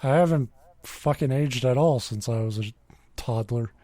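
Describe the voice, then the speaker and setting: A man's voice: medium pitch, normal speed, mellow, no room sound. A man co-hosting a casual podcast, crude and sarcastic, swearing freely. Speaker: podcast co-host. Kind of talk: casual chat.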